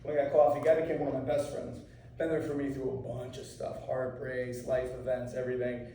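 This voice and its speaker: A man's voice: mid-range voice, flat delivery, a little fast, dark tone, a little hiss or hum. Man teaching a class in an echoey room. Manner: casual, keeps checking in with "okay?". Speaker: martial arts instructor. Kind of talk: anti-bullying talk to a class. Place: school room with students. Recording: echoey room, mic far off.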